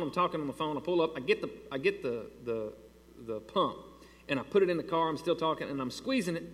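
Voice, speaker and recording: A man preaching to his church, telling a story in an animated, exasperated way. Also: on the high side. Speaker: pastor. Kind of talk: sermon with a storytelling aside. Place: church sanctuary. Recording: long hall reverb.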